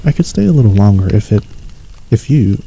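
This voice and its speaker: Brief: simple, sweet storybook bear, mellow and plaintive, read by a man. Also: fairly low pitch, very animated, a little fast, creaky, slightly rough, heavily acted, poor audio. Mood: gentle. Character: gentle, simple, food-loving male bear, storybook.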